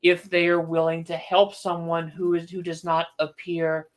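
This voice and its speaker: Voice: mid-range voice, monotone, moderate pace. An author hosting a casual book livestream, thinking aloud with restarts and firm opinions.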